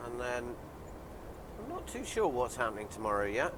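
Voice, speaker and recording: A lorry driver vlogs casually with a head cold, chatting and rambling with plenty of ums, first in his cab while driving and later outdoors on a hill. His mid-range voice swings hugely in pitch at a normal pace, with background noise behind it.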